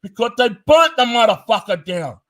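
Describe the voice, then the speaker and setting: A man with an extremely high, very animated, slightly bright voice delivers a heated commentary rant at normal speed. He swears constantly, is blunt and profane, and hammers his points home.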